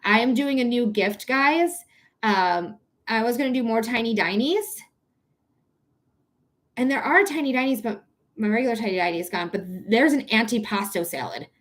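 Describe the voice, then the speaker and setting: A woman's voice: fairly high pitch, animated, normal speed. A woman from the Detroit area with a Detroit accent, chatting casually and giggling as she hosts a live psychic reading stream, sleep deprived. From Metro Detroit, Michigan. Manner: chatty, giggly, thinks out loud. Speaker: psychic reader and livestream host.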